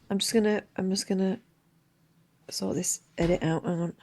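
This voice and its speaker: A woman's voice: mid-range voice, fairly even intonation, darkish tone. Teasing woman co-host. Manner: teasing, quick retorts. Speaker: co-host of a late-night live stream show. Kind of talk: casual chat.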